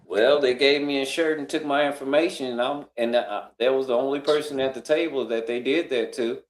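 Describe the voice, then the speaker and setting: Guest storyteller, male, middle pitch, lively and chatty, voices other characters, roomy reverb. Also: fairly quick. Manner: animated, acts out other people's lines in changed voices. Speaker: guest on a live talk stream. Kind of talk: casual storytelling. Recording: roomy echo.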